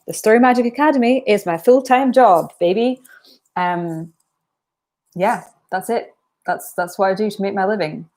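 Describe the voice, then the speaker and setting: A woman's voice: mid-range voice, moderate pace, a little mellow. A young Scottish woman from Aberdeen, chatting casually on a writing livestream, rambling with plenty of ums and likes. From Aberdeen, Scotland. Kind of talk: casual live-stream chat.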